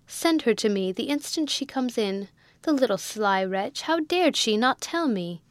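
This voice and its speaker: A woman reading aloud and voicing an imperious, easily alarmed wealthy old spinster with shrill, petulant outbursts. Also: lively intonation, measured pace, no echo. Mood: indignant.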